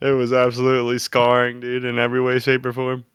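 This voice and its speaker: A man with a clean, smooth voice rattles off blunt, vulgar stories as a comedy podcast co-host, full of "like" and "dude." He sounds close and dry. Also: medium pitch, monotone, fast talker, no room sound. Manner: profane, blunt, says "dude" and "like" a lot. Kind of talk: crude casual chat.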